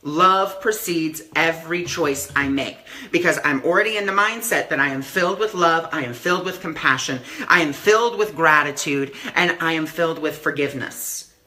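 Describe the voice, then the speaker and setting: A man's voice: on the high side, moderate pace, bright, forceful tone. A man giving a casual live-stream talk as a spiritual teacher, earnest and repeating affirmations, with many "you know" fillers.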